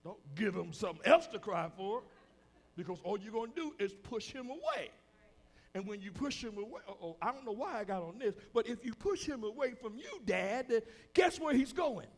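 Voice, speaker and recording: Preaching man with a lively high voice. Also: normal speed. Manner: preaching with sudden swings between hushed and loud; folksy, acts out quoted voices. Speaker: pastor. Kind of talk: sermon. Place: church hall with a congregation.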